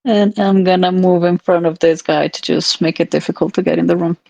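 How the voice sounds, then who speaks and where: A woman's voice: fairly low pitch, steady tone, fairly quick, creaky, mellow, dry recording, rough recording. A woman playing a tabletop game, talking casually in an upbeat, direct way. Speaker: player. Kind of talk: casual chat.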